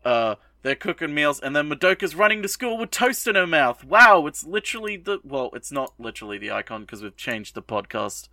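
A young man co-hosting a podcast, recapping an anime episode in a rambling, profane way and tossing in quick bits of mock dialogue. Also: fairly high pitch, sing-song, sharp tone, no room sound, studio quality. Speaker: podcast co-host.

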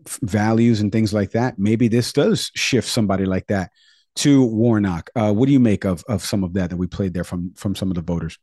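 A man's voice: lowish voice, a little fast, dark tone, no room sound, clean studio sound. A man hosting a political talk show, going through poll numbers in a conversational way. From Florida. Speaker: host.

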